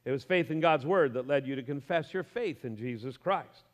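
A male pastor preaching a sermon in a lively, conversational way, with humor and asides to the congregation. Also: mid-range voice, moderate pace, long reverb tail, dull audio.

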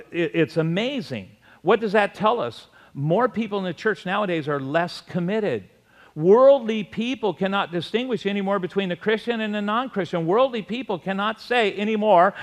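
A middle-aged pastor with a high voice preaches a sermon, telling stories animatedly and throwing in shouted asides.

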